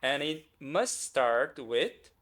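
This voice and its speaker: A man with a Korean accent teaching a beginner language lesson, speaking slowly and repeating words for learners. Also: medium pitch, expressive, a bit bright. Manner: slow, repetitive, encouraging teacher talk.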